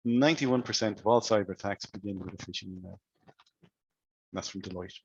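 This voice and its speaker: Low-voiced man presenting. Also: fairly quick, husky, muffled recording. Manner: conversational, asks many rhetorical questions. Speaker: cybersecurity speaker at a business webinar. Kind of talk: presentation to business owners.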